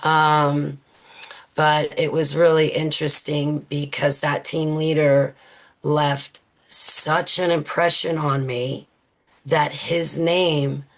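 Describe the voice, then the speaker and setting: Low-voiced woman recounting memories. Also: flat delivery. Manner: halting, with many fillers and restarts. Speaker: guest. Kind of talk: recounting personal memories in an interview.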